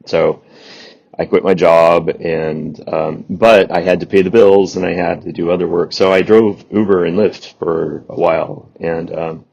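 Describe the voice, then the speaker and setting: A man's voice: low-pitched, measured pace, vocal fry, breathy edge, dull audio. A man, an author, telling a rambling personal anecdote as a podcast guest. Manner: rambling, animated anecdote with restarts. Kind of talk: storytelling in a podcast interview.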